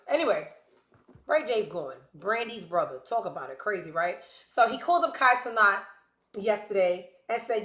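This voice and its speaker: A woman's voice: mid-range voice, expressive, moderate pace, fairly bright tone. A woman hosting a gossip talk show, brash and sassy, full of joking asides. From West Indies. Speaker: host. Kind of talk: casual gossip commentary. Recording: echoey room.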